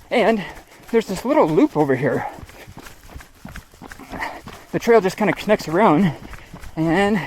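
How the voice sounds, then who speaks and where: A middle-aged man tells a long, animated story as he moves along a wooded trail, slipping into his friends' voices now and then. His voice sits a little high for a man. Clear outdoor noise runs under the recording. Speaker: trail runner vlogger. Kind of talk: casual storytelling while running.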